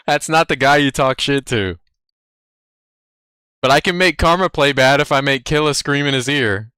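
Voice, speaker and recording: Man, livestream chat, brash and profane, crisp tone, dry close sound. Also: fairly high pitch, expressive, a little slow, pauses often, bright, forceful tone, dry recording. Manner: brash, profane, cocky storytelling. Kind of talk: casual stream chat.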